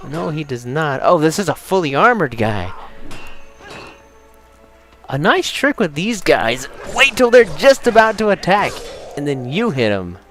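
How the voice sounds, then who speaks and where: Brief: excitable young male let's-player, very animated pitch, game music faintly underneath. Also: a little slow, pauses often. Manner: excitable, chatty, rambling with restarts. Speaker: let's play host. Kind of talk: casual gameplay commentary.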